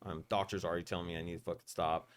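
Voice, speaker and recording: Male podcast host, fast and loose, lower pitch, profane and animated storyteller. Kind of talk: casual storytelling interview.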